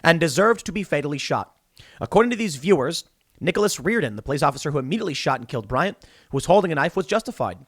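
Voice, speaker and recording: Animated, sarcastic male political commentator. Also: fast talker, breathy edge. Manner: animated and sarcastic, mocks quoted critics in high voices. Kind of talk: solo commentary show.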